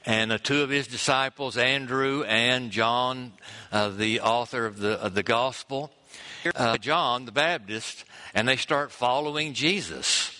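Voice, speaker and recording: Male preacher, slow and deliberate, bright ringing tone, acts out the lines he reads. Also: medium pitch. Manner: expressive preaching, acts out quotes, pauses and chuckles. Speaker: pastor. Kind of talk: sermon.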